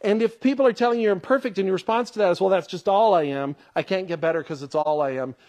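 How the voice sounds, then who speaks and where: Animated male preacher, fairly high voice. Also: fast. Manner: animated storyteller, acts out quotes in a rising voice. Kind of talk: sermon.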